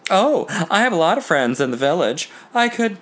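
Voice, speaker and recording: A man voicing an excitable, fussy male tailor who gushes and frets in a breathless, high-strung way. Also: moderate pace. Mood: flustered.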